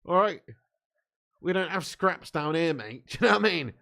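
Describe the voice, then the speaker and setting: A man's voice: on the high side, animated, normal speed, vocal fry, pushed and bright. A young man hosting a live football watch-along, bantering with chat, laughing often, swearing and calling everyone mate. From southern England. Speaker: fan channel host.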